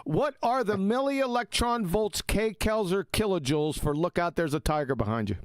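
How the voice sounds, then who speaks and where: A man hosting a live reaction stream, his voice set a little high and swinging widely in pitch as he mocks and jabs. The sound is dry and close, with no room around it. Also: lively intonation, normal speed, no room sound. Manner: mocking, combative, profane.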